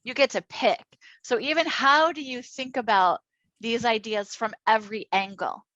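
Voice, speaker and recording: A middle-aged woman from Minnesota leading an online workshop on inclusive education, enthusiastic and chatty with quick asides. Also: fairly high pitch, pushed and bright, no echo, lo-fi sound. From Minnesota, United States. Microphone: computer mic on a video call.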